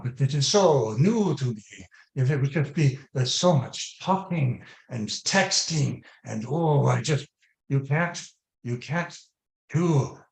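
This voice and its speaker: A man's voice: mid-range voice, vocal fry. An actor playing a lonely, toothless male vampire with a hammy put-on French accent in an improv comedy sketch on a video call. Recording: echoey room on a video call.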